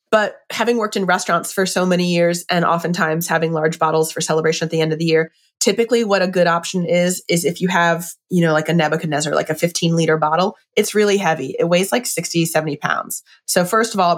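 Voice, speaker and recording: A middle-aged woman chatting casually and enthusiastically about wine and a book, with lots of fillers. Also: lowish voice.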